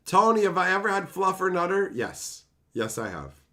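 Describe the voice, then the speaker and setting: A man talks casually on a live stream, reading his chat aloud and firing back profane, exasperated rants. His voice sits a little high and leaps all over the place as he gets worked up. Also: big pitch swings, normal speed, pushed and bright.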